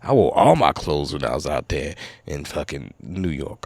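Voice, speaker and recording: A man with a low, deep voice hosts a solo podcast and rambles through stories in a loose, profane, animated way. The sound is dry and close, with no room behind it. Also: moderate pace, few pauses, dry recording. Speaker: podcast host. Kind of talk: casual solo podcast rant.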